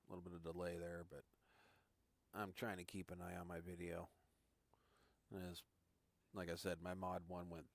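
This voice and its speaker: A man chatting casually with viewers while he tours a farming game live, thinking aloud as he goes. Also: low-pitched. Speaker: gaming streamer. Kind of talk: casual live-stream commentary.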